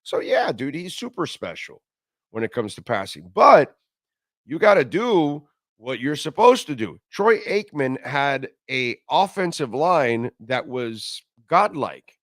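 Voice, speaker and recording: A man's voice: mid-range voice, big pitch swings, slow pace, fairly bright tone, no echo, clean studio sound. A man hosting a sports radio show, talking football in a blunt, profane, rambling way and reading sponsor ads. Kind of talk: casual sports talk and live ad reads.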